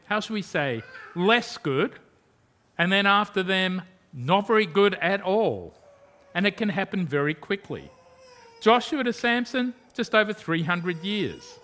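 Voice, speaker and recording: This man preaches a sermon in a bright, forceful voice pitched somewhat high for a male speaker. He speaks emphatically, posing rhetorical questions and falling from loud declarations to hushed tones.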